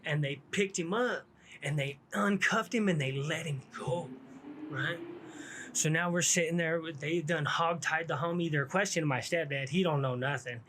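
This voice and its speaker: A man's voice: on the high side, normal speed, fairly bright tone, slight background noise. A middle-aged man telling a rambling story about his past, full of street slang and restarts. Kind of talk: casual storytelling.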